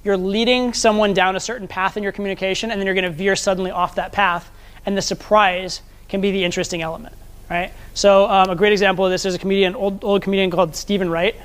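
A man's voice: sits high, flat delivery, quick pace, fairly bright tone, clean tone. Man lecturing a seminar, conversational. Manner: conversational teaching, checks in with the audience. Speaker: dating and social skills coach.

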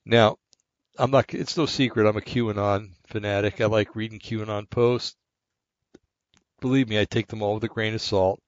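Male podcast host, breathless and slightly shaky, rambling casual monologue, lowish voice, muffled recording. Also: fairly even intonation, moderate pace, dry recording. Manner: meandering, many fillers and asides. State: short of breath, taking frequent breaths. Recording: dull, lo-fi and dry.

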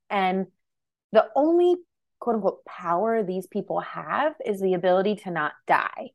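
A woman's voice: medium pitch, expressive, normal speed. A woman co-hosting a film podcast in casual chat, playful, teasing and opinionated. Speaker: podcast co-host.

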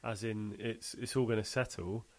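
A man's voice: fairly low pitch, steady tone, normal speed, darkish tone. A man co-hosting a podcast, telling jokey stories in laid-back casual chat. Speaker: podcast co-host.

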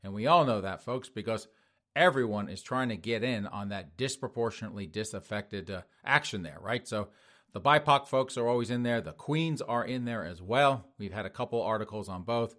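A man's voice: fairly low pitch, normal speed, fairly bright tone. A middle-aged man hosting a talk show, reading news items and mocking them in a sarcastic commentary style. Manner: mocking, sarcastic, laughs at own jokes. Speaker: podcast host.

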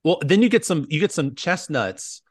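A man on a podcast, chatting casually and telling stories with lots of swing in his voice. His pitch sits a little high, and he acts out other people's lines. The mic is close and the sound dry. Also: normal speed, no room sound. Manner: animated storyteller, acts out quoted voices. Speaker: podcast co-host. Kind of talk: casual chat.

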